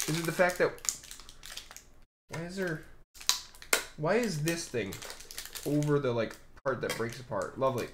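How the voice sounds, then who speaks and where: A man's voice: a little high, unhurried, long pauses, background noise. A man streaming live as he opens trading card packs, chatting to his viewers and the camera in a casual way and often repeating his phrases.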